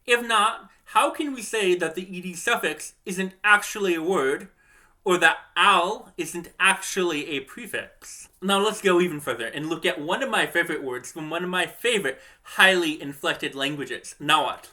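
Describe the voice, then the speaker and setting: Guy explaining language stuff, kinda high voice, really bright, asks you questions. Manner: thoughtful, asks the listener questions, says example phrases aloud slowly. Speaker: language educator. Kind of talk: explanatory video lesson.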